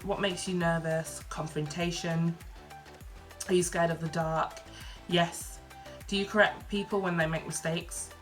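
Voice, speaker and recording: A young woman from Birmingham with a softened Brummie accent, chatting casually through a Q&A vlog, reading each question aloud and answering with lots of ums and likes. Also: lowish voice, fairly even intonation, a little slow, faint music behind. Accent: Birmingham English, softened. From Birmingham, England. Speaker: vlogger.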